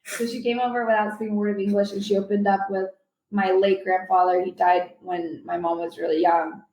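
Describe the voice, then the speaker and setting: Young woman guest, chatty and animated, from Silicon Valley; recorded with an echo. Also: medium pitch, brisk, a little hiss or hum. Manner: animated, rambling, quotes people in voices. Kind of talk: casual storytelling chat. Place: convention venue. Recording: roomy echo.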